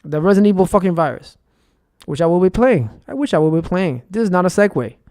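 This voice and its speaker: A man's voice: sits high, animated, fast talker, a little mellow, dry recording, clean studio sound. A young man from New York ranting in a rambling, profane, heated monologue to his viewers. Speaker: vlogger. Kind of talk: casual conspiracy rant.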